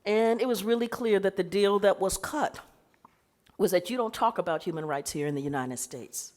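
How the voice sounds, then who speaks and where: A woman giving a keynote speech at a conference, telling history in a lively way and acting out the voices of the people she quotes. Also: mid-range voice, normal speed. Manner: animated storytelling, acting out quoted voices, laughing. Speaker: keynote speaker. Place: conference hall.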